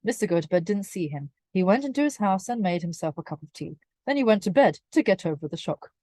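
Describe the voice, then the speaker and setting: A woman's voice: mid-range voice, lively intonation, a little fast, dark tone, no echo. Woman reading a children's story. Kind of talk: reading a children's book aloud.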